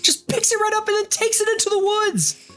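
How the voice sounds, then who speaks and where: A man voicing an excitable, fawning older male traveler who gushes and rambles breathlessly. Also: very high-pitched, fairly quick, faint music behind, pitched above the performer's own voice. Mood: excited gushing.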